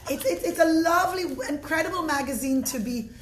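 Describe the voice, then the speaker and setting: A woman's voice: very high voice, a little fast, a little hiss or hum. A woman giving an informal religious talk, telling stories earnestly and often restarting and correcting herself. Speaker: religious teacher.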